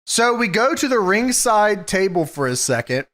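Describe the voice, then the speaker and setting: A man's voice: high voice, very animated, moderate pace, fairly bright tone. A man in casual podcast chat about wrestling, joking and laughing along. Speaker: podcast co-host.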